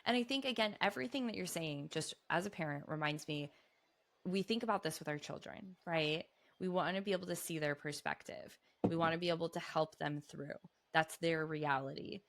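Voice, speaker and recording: A woman's voice: low voice, fairly quick. A woman hosting a podcast interview, a parent asking chatty, open questions. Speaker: podcast host.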